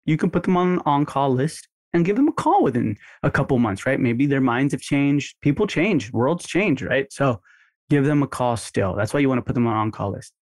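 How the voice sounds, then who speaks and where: A man teaching a coaching lesson, talking energetically and acting out sample phone calls in bright put-on voices. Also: mid-range voice, expressive, brisk, dry recording, studio quality. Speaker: marketing instructor. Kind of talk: coaching lesson with screen walkthrough.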